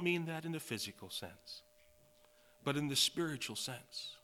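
A man preaching a sermon, quoting scripture and swelling from quiet remarks to loud, emphatic declarations. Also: a little high, expressive, a little slow. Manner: reads and quotes scripture in old-fashioned wording.

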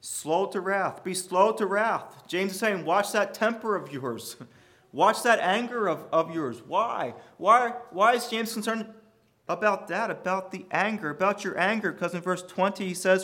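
A man preaching a sermon in an earnest way, repeating key phrases and swinging between loud emphasis and quiet, hushed lines. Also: high-pitched, moderate pace. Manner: earnest preaching with sudden rises and quiet drops. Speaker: pastor.

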